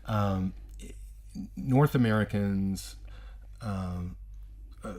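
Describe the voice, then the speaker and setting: A man's voice: fairly low pitch, extremely slow, a little mellow. A man from Texas, co-hosting a casual radio talk show and chatting with hesitant restarts. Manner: chatty, repeats words when starting, hesitant restarts. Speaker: radio co-host.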